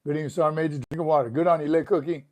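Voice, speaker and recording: Older male host, casual live-stream chat, friendly and upbeat, slightly higher voice. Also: steady tone, racing, darkish tone. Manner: upbeat, chatty, greets viewers by name. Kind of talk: casual livestream chat reading comments. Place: room at home.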